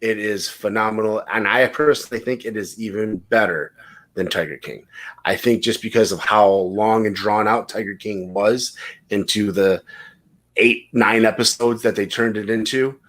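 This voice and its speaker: A man's voice: fairly low pitch, fairly even intonation, normal speed, a bit bright. A man hosting a casual podcast, telling rambling stories and swearing freely. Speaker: podcast host.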